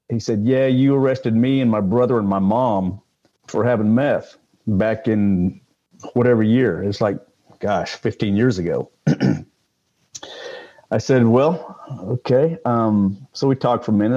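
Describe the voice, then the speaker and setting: Older male guest, ex-police, low voice, rambling storyteller, muffled lo-fi audio. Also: a little slow, mellow. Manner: rambling, with many fillers and restarts. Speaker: guest, retired police sergeant. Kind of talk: casual interview storytelling.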